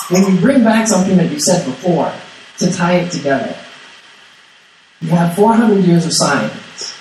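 A man's voice: fairly high pitch, a little mellow. Male preacher, casual sermon delivery with repeated words, mic set back, heavy room echo. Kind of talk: sermon, conversational Bible teaching. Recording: echoey hall, distant mic, faint noise.

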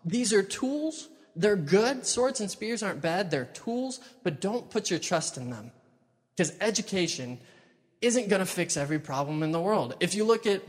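A man preaching a sermon with slightly high pitch and animated, dramatic storytelling. His voice carries a long reverb, as in a large hall. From United States.

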